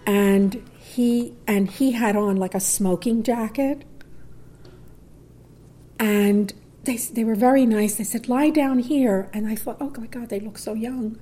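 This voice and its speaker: A middle-aged woman tells a personal story with a mellow, dark voice. She acts out the lines of the people in it with lively shifts and sometimes sinks to a near whisper. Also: fairly high pitch, measured pace. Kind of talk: personal story told to a listener.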